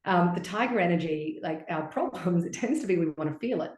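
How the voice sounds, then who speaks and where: A woman guest on a podcast, talking about relationships in an expressive, lively way and often slipping into quoted voices. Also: fairly low pitch, fairly quick. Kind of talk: casual podcast conversation. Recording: echoey room.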